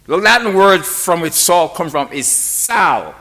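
A man preaching a sermon in a fairly high, very animated voice. He takes his time, leaning on single words and letting pauses hang between short phrases. The delivery is emphatic and deliberate.

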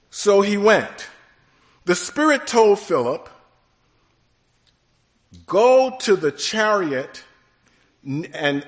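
A man preaching a sermon in church, emphatic and calling out to the congregation. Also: high-pitched. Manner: slow, emphatic preaching with rising calls to the congregation.

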